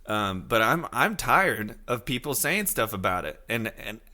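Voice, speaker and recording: A man in his thirties hosting a casual solo podcast, rambling loosely and reacting to his chat, now and then slipping into high silly voices to quote people. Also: sing-song, measured pace, bright, forceful tone. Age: 30s. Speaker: podcast host.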